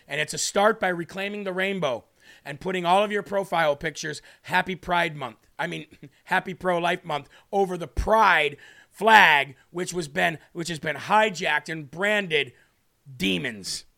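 A man's voice: on the high side, normal speed, gravelly, pushed and bright. A man hosting a live show, reading scripture aloud and preaching with emphatic, repeated lines. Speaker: livestream show host.

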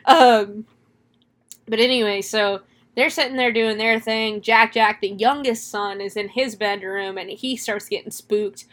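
A woman recapping a horror film in casual chat, animated, laughing often and swearing freely. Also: medium pitch, unhurried.

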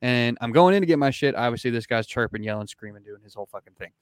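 A man's voice: mid-range voice, fast talker, clean tone, no echo, clean studio sound. A young adult man hosting a podcast in casual chat, telling profane stories and acting out what people said. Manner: animated storyteller who acts out quotes. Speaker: podcast host.

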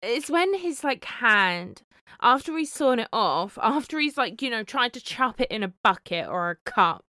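Woman, podcast co-host, casual animated chat, bright tone, dry sound. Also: on the high side, normal speed, no echo. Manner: animated, laughing, swears freely.

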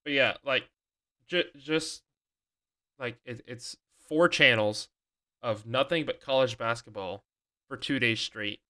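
A man's voice: mid-range voice, slow, pauses often, bright, forceful tone. A young man co-hosting a podcast, telling rambling stories in casual chat with lots of fillers and restarts. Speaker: podcast co-host.

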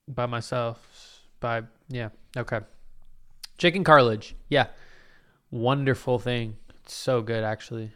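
A man's voice: mid-range voice, fairly bright tone, clear, resonant tone. A man hosting his own podcast alone, rambling in a self-mocking way and swearing often. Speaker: podcast host. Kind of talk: casual solo podcast monologue.

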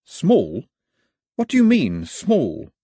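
A man voicing an earnest young island boy who keeps pressing with proud, puzzled questions, in a husky voice. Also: on the high side, wildly swooping pitch, takes it slowly, mellow, no room sound, pitched above the performer's own voice, full character voice. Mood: insistent.

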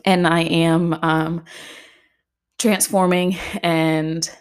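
A woman's voice: lowish voice, little pitch movement, extremely slow, clean tone. A young pregnant woman, out of breath, talking in a rambling casual monologue full of fillers and small laughs. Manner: rambling, heavy use of "like", laughs often. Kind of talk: casual personal vlog monologue.

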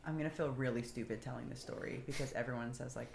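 A woman's voice: extremely low pitch, steady tone, fast, gravelly. A woman guest on a podcast, telling her own dating story candidly and calling herself stupid, with many fillers. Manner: candid, self-deprecating, lots of fillers. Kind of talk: casual confessional chat. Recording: echoey room, faint background noise.

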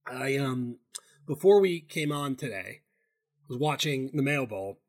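A man's voice: mid-range voice, lively intonation, unhurried. A man co-hosting a casual sports betting chat, loose and profane, rambling with restarts. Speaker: podcast co-host.

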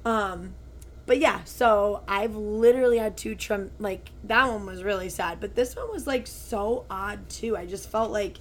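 A woman's voice: medium pitch, measured pace. Woman, 20s, podcast co-host; easygoing storyteller, filler-heavy, faint room hum behind. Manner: chatty storytelling, full of "like" fillers. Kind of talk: casual chat.

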